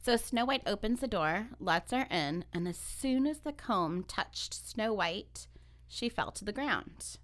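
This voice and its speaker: A woman co-hosting a podcast, retelling a fairy tale in a casual, animated way. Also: mid-range voice. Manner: animated, quick to agree and laugh. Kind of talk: casual storytelling chat.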